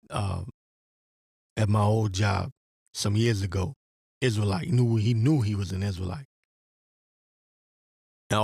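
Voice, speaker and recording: A man's voice: lowish voice, gravelly, darkish tone, slightly rough, no room sound. Profane ranting man, dry sound. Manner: profane, preachy, rambling. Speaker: religious commentator. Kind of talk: ranting monologue with scripture reading.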